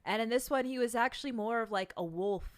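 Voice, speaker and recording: A woman's voice: on the high side, quick pace, no room sound. A woman co-hosting a podcast in casual chat, blunt and opinionated, swearing freely. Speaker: podcast co-host.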